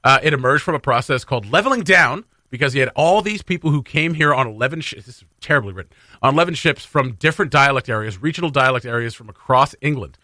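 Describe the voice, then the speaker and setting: A man's voice: medium pitch, animated, sharp tone, no echo. A man hosting a morning radio show, chatting casually and poking fun at himself, with frequent laughs and loose asides. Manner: chatty, self-mocking, quick to laugh. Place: radio studio.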